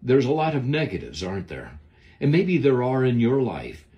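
A man's voice: mid-range voice, huge pitch swings, moderate pace, muffled recording. A man giving a devotional Bible lesson, preaching in an earnest, emphatic way. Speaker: Bible teacher.

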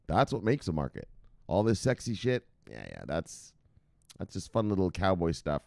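A man's voice: deep voice, big pitch swings, normal speed, creaky, a little mellow, no room sound. An American man hosting a crypto news show in casual, profane, rambling commentary with mock dramatic voices.

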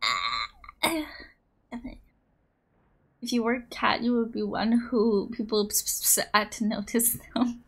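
A young woman streaming a game, chatting casually with her viewers; her voice is raspy and hoarse from just waking up, and she giggles often. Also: medium pitch, animated, slow, long pauses, a bit bright. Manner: bubbly, giggly, playful. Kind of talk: casual live-stream chat.

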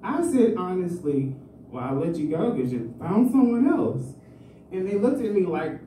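A man's voice: on the high side, sing-song, moderate pace, mellow. A man doing stand-up at an open mic in a small club, rambling and self-mocking, often laughing at his own jokes. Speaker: stand-up comedian. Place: small comedy club stage. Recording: roomy club sound from far off, faint noise.

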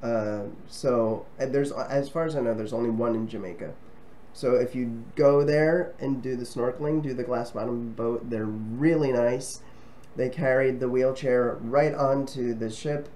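A man's voice: mid-range voice, unhurried, hardly any pauses, mellow. A man casually talking to camera as a travel vlogger, friendly and rambling, with frequent ums and restarts. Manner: friendly and chatty.

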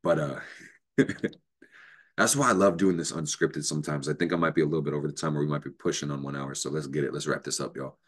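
A man's voice: extremely low pitch, fairly even intonation, fast. A man hosting an astrology show, giving an unscripted motivational talk, emphatic and profane, with bursts of laughter.

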